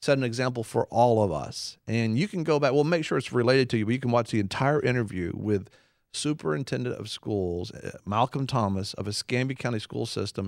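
A man's voice: mid-range voice, gravelly, no echo, studio quality. A man co-hosting a Christian talk show, preaching earnestly in casual conversation and acting out quotes. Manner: earnest, animated, acts out quotes.

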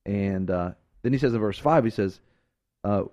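A man preaching fervently as a talk show host, swinging between emphatic outbursts and hushed, earnest passages. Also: on the low side, normal speed, no room sound, muffled recording.

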